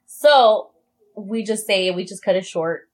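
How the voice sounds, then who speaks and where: A woman co-hosting a podcast in casual chat, playful and quick to laugh. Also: mid-range voice. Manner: giggly and playful, laughs often. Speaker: podcast co-host.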